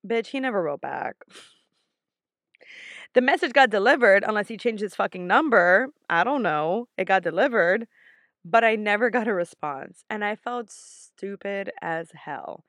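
A woman's voice: medium pitch, lively intonation, a little slow, fairly bright tone. A woman podcast host with a mid-range voice spins a personal story in loose, confessional chat. She swears freely and laughs easily. The sound is dry and close, with no room echo.

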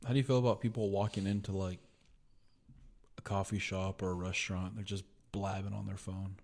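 A man with a fairly low voice trading stories on a podcast. He talks bluntly and casually, swearing freely. He often jumps into high, mocking impressions of people around him. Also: flat delivery, a little fast, vocal fry, a little mellow. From California. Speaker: podcast co-host. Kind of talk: casual chat.

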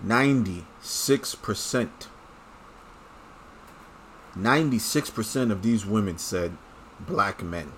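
A man's voice: on the low side, slow pace, pauses often, a little hiss or hum. A man talking straight to his audience in a casual, blunt and profane rant, full of strong opinions. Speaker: commentator. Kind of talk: casual ranting monologue.

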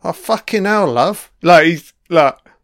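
A man's voice: a little high, animated, measured pace, a bit bright, no echo, studio quality. A man giving crude, profane live reaction commentary while watching an episode. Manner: crude, profane running remarks.

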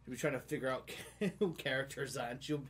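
A man's voice: medium pitch, brisk, a little hiss or hum. A man with a Boston accent in casual chat, laughing often and acting out the people in his stories. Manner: laughs often, tells stories with impressions of others.

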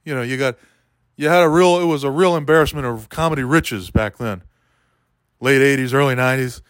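Man, comedic monologue, deadpan, meandering, dry room. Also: mid-range voice, a little fast, no room sound. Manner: meandering, deadpan, keeps addressing a listener by name.

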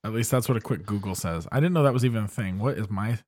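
A man's voice: on the low side, quick pace, darkish tone, no echo. A man co-hosting a podcast in casual chat, rambling and correcting himself as he goes. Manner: hesitant, rambling, self-correcting. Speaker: podcast co-host.

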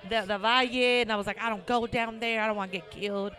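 A woman's voice: on the high side, steady tone, fast, sharp tone, a faint crowd. A woman hosting a podcast in casual chat, telling stories animatedly, acting out both sides and swearing freely. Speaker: podcast host.

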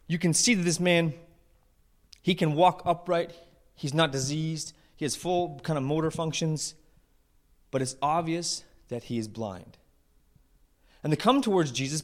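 A male pastor preaching to his church, retelling a story with playful asides and quick voices for the characters. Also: on the high side. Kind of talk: lively storytelling sermon.

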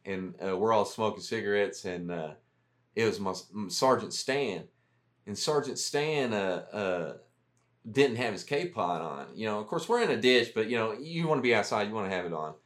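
A man's voice: lowish voice, lively intonation, normal speed. A man, an army veteran guest, telling rambling, profane, self-mocking stories on a casual podcast.

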